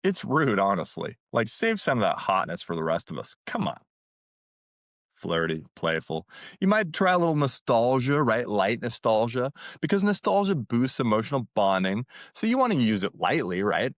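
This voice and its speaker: A man's voice: medium pitch, big pitch swings, moderate pace, no echo, clean studio sound. A man hosting a dating-advice podcast, talking in a casual coaching tone, asking "right?" again and again and hyping up his listeners. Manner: hypes listeners, asks "right?" constantly; acts out sample lines in a livelier voice.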